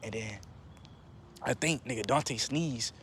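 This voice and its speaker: A young man telling a casual story in a slangy, animated way, jumping into higher voices for quotes. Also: takes it slowly, a little hiss or hum.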